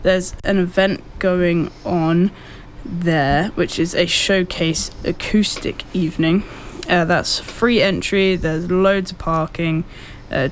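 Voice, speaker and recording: A man co-hosting a radio show, reading out local event listings in a relaxed, hesitant way, with many ums and self-corrections. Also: sits high, slight background noise. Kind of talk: casual radio chat.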